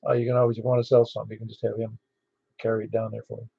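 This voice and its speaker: A man with a gravelly, husky voice leads a ham radio net in a relaxed, meandering way. His voice comes through as dull, dry, lo-fi radio audio. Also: fairly low pitch, racing, dry recording. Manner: easygoing, rambling, with fillers. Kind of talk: casual radio chat. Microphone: radio transceiver mic.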